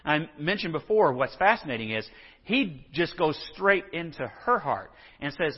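A man's voice: fairly high pitch, animated, moderate pace, slightly rough, big-room sound, muffled recording. A male pastor from Texas preaching a sermon in a folksy way, with joking asides and acted-out scripture dialogue.

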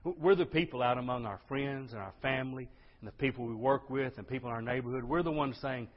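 A man preaching a sermon, swinging between hushed, intimate lines and loud, impassioned outbursts. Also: mid-range voice, quick pace. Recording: dull sound with long hall reverb.

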